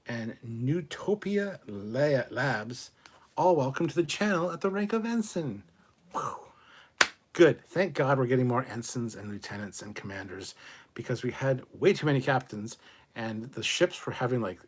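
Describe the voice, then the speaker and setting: A man's voice: medium pitch, slightly rough. A man hosting a casual live stream, reading out and answering viewer chat messages with loose jokes and the odd swear. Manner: joking, swears, chats loosely.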